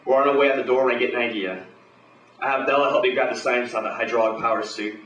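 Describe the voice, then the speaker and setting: A man's voice: medium pitch, fairly even intonation, racing, fairly bright tone, reverberant, recorded from a distance, highs cut off, a little hiss or hum. Swaggering man reading pulp live. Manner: swaggering tough-guy narration, profane. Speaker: performer at an open reading. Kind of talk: hard-boiled pulp story read aloud live.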